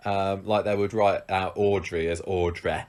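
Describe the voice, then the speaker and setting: Deep-voiced chatty British man. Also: flat delivery, a little slow, a little mellow. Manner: chatty, enthusiastic, self-mocking. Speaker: co-host. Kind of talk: casual chat reacting to old websites.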